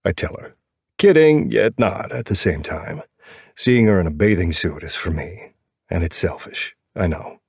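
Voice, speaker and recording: A man narrating a first-person romance audiobook in a low, brooding, wry voice. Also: expressive, a little slow, gravelly, a little mellow, slightly rough, no room sound, studio quality.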